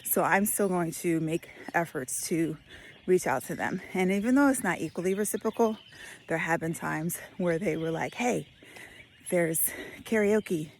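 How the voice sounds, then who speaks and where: A woman's voice: fairly low pitch, slight background noise. Winded woman musing on a walk. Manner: thoughtful, musing, many fillers. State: out of breath. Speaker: vlogger. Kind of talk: casual spoken reflection while walking. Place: outdoors on a walk.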